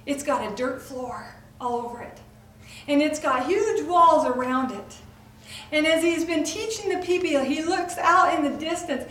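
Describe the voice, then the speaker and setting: A woman preacher in an impassioned sermon, swinging between loud outbursts and near whispers. Her high voice rings through an echoey room, caught from a distance with faint ambience behind. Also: slight background noise. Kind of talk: dramatic sermon to a women's audience.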